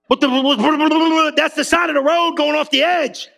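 A man's voice: very high-pitched, fast talker, creaky, hardly any pauses. A male pastor preaching a sermon, telling stories in casual slang and acting out the characters. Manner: animated storytelling with character voices; casual slang-heavy delivery.

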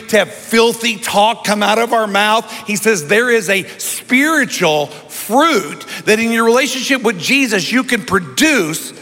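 A man preaching a sermon as pastor, calling for responses from the congregation and dropping to soft, intense lows. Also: long reverb tail.

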